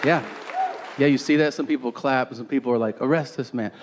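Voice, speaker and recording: A man's voice: medium pitch, quick pace, big-room sound, over a noisy crowd, very noisy. A male stand-up comedian on stage with a handheld mic, telling a profane story and acting out the dialogue. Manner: animated, profane, acts out dialogue.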